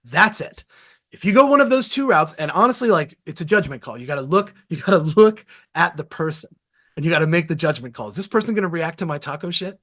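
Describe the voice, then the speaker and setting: A man guesting on an interview show, talking about sales in an energetic, candid and slangy way. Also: a little high, fast talker. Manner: energetic, animated storytelling with laughs. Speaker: sales podcast host as guest. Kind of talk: casual conversational interview.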